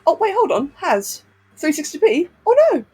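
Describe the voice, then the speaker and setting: A woman's voice: very high voice, big pitch swings, moderate pace, mellow. A woman chatting casually on a live stream, hyper and giggly, answering chat messages as she goes.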